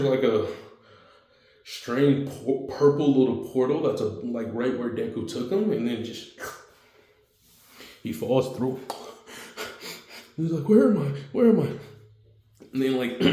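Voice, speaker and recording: A man narrates a homemade fan story in loose, slangy fashion, stumbling through fillers. His voice is dark and mellow, and the room sounds echoey. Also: mid-range voice, slow pace, long pauses. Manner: rambling and slangy, many fillers.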